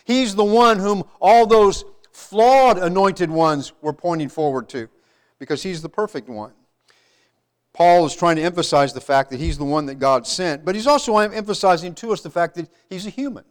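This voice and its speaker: A man's voice: a little high, expressive, a little fast. A man pastor giving a conversational sermon, often restarting and repeating words as he explains a passage. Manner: conversational, many restarts and repetitions. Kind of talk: sermon with congregation.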